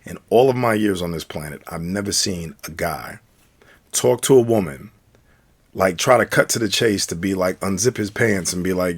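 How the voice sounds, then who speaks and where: Man, young adult, low-pitched voice, casual storytelling, animated, acts out quotes. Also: normal speed, long pauses.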